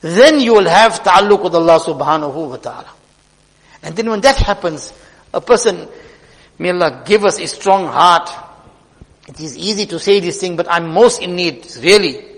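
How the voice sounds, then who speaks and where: A man's voice: high voice, a bit bright. A man giving a sermon, telling a story earnestly and weaving in religious terms. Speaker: preacher. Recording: long hall reverb.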